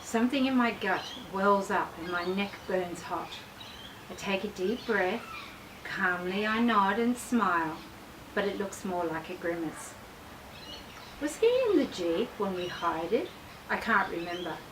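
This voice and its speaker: A woman, an author reading her travel memoir aloud in a measured, expressive way. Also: medium pitch. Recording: distant mic with faint background noise.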